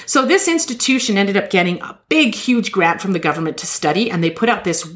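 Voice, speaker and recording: A woman chatting in a relaxed, casual way as she retells a story. She is animated and keeps slipping into little voices for the people she quotes. Her pitch sits in an ordinary middle range. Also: a little fast.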